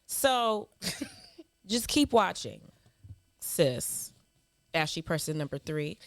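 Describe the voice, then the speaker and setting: A woman's voice: low voice, very animated, slow pace, no echo. A woman co-hosting a podcast, reading out nasty emails from viewers and answering them with mocking, sassy clapbacks and laughter. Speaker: podcast co-host. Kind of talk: casual chat, reading hate mail aloud.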